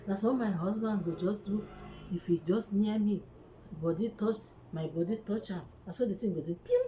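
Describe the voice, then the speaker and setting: A woman with a Nigerian accent telling a comic story in an animated way, acting out sound effects as she goes. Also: mid-range voice, normal speed. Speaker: comedian. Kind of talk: comic monologue to camera. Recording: echoey room with faint noise.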